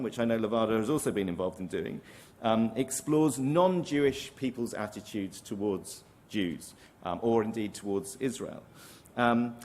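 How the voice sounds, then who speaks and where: Measured man presenting data. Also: medium pitch, a little mellow. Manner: measured, careful, with ums and restarts. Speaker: conference speaker. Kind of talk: presenting survey findings. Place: conference hall.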